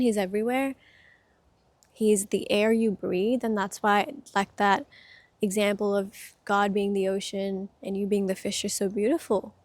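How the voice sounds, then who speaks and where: A woman giving a casual spiritual talk outdoors, soft-spoken and reflective, pausing often and getting emotional. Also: medium pitch, no room sound. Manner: gets emotional. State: itchy from hay fever. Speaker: spiritual speaker.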